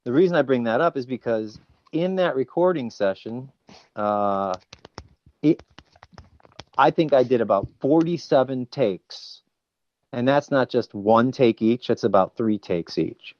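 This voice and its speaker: A man's voice: medium pitch, unhurried, lo-fi sound. A man in a casual podcast interview, telling stories with energy and dropping into character voices now and then. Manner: animated storyteller, breaks into character voices. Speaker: voice actor guest.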